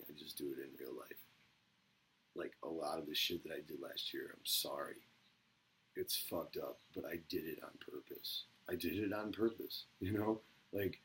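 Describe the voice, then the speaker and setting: A man talking casually to the camera in a rambling, profane way. He gets excited at times and drops into a mumble at others. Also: low-pitched, a little hiss or hum, low-quality recording.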